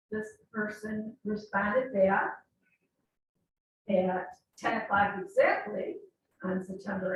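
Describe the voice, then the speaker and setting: A woman's voice: on the high side, fairly bright tone, slight background noise. A woman with a Western New York accent telling a personal story as a club speaker, acting out the quoted dialogue. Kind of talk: storytelling speech. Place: meeting room. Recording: echoey room from far off.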